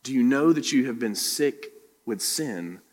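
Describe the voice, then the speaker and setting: A man's voice: medium pitch, animated, unhurried, darkish tone, big-room sound. A man preaching a sermon as pastor, pressing the congregation with direct questions. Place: church room.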